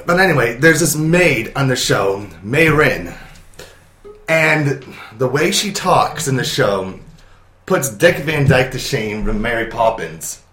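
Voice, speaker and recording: A man co-hosting a casual podcast, giving a rambling, relaxed review of an anime. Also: medium pitch, takes it slowly, roomy sound. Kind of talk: casual chat.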